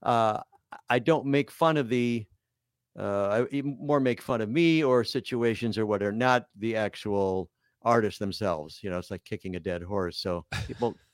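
A man's voice: on the low side, normal speed, no echo, studio quality. An older man, a comedian and musician, chatting as a guest in a self-deprecating, rambling way with many fillers. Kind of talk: casual interview chat.

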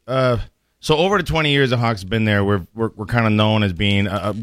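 A man's voice: on the low side, a little fast, a bit bright, clean tone, no room sound, studio quality. A man who owns a bar, talking bluntly in casual radio chat, with frequent restarts. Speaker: bar owner guest.

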